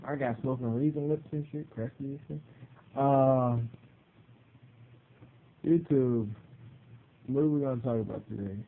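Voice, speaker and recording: A young man ranting casually to his camera, mocking and swearing, jumping high in pitch when he gets worked up. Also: measured pace, creaky, pauses often. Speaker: vlogger. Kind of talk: casual profane rant. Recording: tinny phone-like sound.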